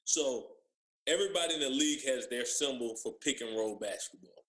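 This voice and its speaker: Animated storytelling man in an echoey room. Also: mid-range voice, fairly quick. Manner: animated storyteller, acts out others' lines. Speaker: former pro basketball player guest. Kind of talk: casual storytelling on a podcast.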